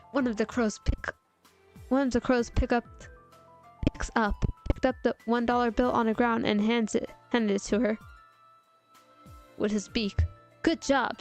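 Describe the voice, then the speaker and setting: Young woman, playful fanfic reader, fairly high voice, faint background music. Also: darkish tone. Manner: playful, giggly, breaks off to comment. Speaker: VTuber reading fanfiction. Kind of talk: casual dramatic reading of fanfiction.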